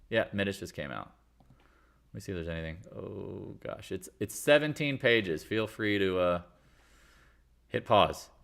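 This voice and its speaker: A man with a low, creaky voice hosts a casual live market chat, rambling and cracking self-deprecating jokes as he goes. He works as a real estate agent.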